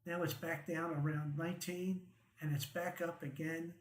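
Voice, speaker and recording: A man's voice: a little high, flat delivery, moderate pace, echoey room, a little hiss or hum, rough recording. A man hosting a stock market show, walking through charts in a casual, conversational way, often checking in with "right?" and chuckling wryly. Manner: conversational, frequent "right?" and "okay?" check-ins, wry chuckles.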